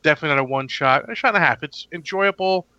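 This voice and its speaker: A man's voice: a little high, racing, sharp tone, no room sound, muffled recording. A man hosting a casual movie review chat, talking in a rambling, opinionated way. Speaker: movie review podcast host.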